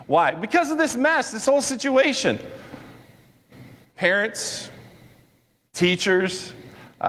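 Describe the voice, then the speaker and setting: A man preaching a sermon as pastor, telling stories in a lively way and acting out quotes with sudden high-pitched outbursts. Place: church sanctuary. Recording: church sanctuary with long reverb.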